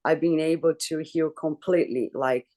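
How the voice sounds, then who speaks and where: A woman in a casual group chat, telling a personal story candidly with swearing and lots of halting restarts. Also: low-pitched, fairly even intonation, mellow. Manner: talks in halting restarts and fillers. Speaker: book club member.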